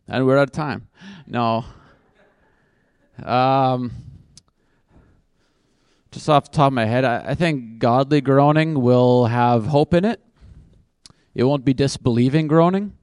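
A man's voice: medium pitch, darkish tone, clean tone, dry recording, clean studio sound. A man speaking at a conference and answering audience questions off the cuff, thinking aloud in a casual, self-deprecating way.

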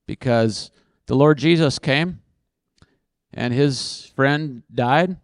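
At a conference Q&A, a man thinks aloud as he answers questions in a relaxed, conversational way, often poking fun at his own replies. His smooth, resonant voice sits at a middle pitch and he takes his time. The recording is dry and close, with hardly any room echo.

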